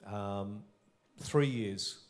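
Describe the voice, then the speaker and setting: Middle-aged Australian male pastor, earnest and reflective interview storyteller, lowish register. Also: extremely slow. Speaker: senior pastor. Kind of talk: reminiscing in an onstage interview.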